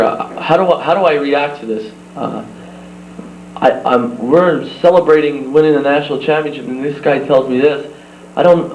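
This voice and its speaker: A young man giving an earnest speech at a sports banquet, telling a story with halting restarts. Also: medium pitch. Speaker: banquet guest speaker. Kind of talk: speech to a crowd. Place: banquet hall. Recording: roomy, dull old videotape with hum.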